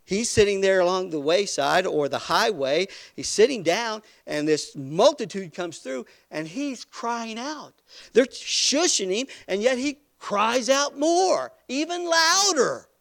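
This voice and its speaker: Man, preacher, gravelly, fairly high voice, sermon, swings between hushed and loud. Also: lively intonation, takes it slowly. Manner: swells from quiet to loud, rising and shouting for emphasis.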